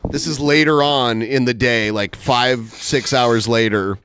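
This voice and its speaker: A podcast host with a clean, fairly bright mid-range voice speaks unhurriedly with fairly even intonation. In casual comedic commentary, he mockingly reads out chat messages and reacts to them, laughing often.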